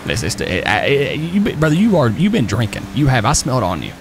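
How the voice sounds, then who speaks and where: A man's voice: mid-range voice, brisk, a little hiss or hum. A man roleplaying a police officer on a stream, joking with fellow players. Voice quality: lively, joking, talks to chat.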